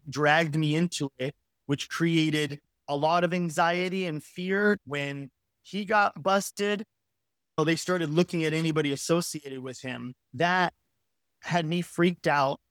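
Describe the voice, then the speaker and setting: A man in his forties, a guest telling a personal story with frank, animated and casually profane talk. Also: on the high side, dry recording, studio quality. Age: 40s. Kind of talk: candid storytelling in conversation.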